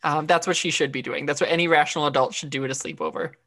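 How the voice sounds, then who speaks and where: A woman's voice: low voice, steady tone, rapid-fire, gravelly, fairly bright tone. Chatty woman co-host recapping a show. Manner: chatty, frequent fillers and restarts. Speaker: podcast co-host. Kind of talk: casual recap chat.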